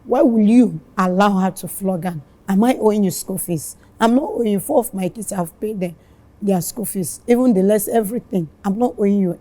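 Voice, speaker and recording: A woman with a Nigerian accent recounting an incident as a mother being interviewed, animated and tearful, acting out the dialogue. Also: mid-range voice. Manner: animated, reenacts dialogue in Pidgin.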